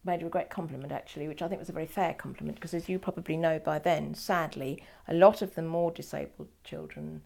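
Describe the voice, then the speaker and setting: An older woman with a low, gravelly voice tells her own story in an interview. She talks in a wry, digressive way, breaking off and correcting herself as she goes. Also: fairly even intonation, fast talker, hardly any pauses, darkish tone. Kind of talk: oral history interview.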